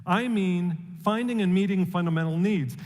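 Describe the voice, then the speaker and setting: Man, slightly high voice, measured public talk, rhetorical questions, long reverb of a large hall. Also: darkish tone. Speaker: speaker giving a talk.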